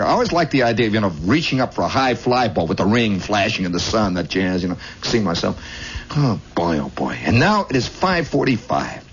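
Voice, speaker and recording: A man hosting a radio show, telling a long improvised story with many asides, shifting between hushed and excited, on an old lo-fi recording. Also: fairly low pitch, slightly rough. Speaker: radio host. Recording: dull lo-fi 1960s radio.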